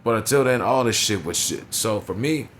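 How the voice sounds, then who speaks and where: Young male reviewer, lowish voice, casual foul-mouthed rant, faint hiss behind. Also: animated, moderate pace, a bit bright. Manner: blunt, profane, dismissive, leans on "you know what I'm saying". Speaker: wrestling show reviewer. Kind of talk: casual profane recap commentary.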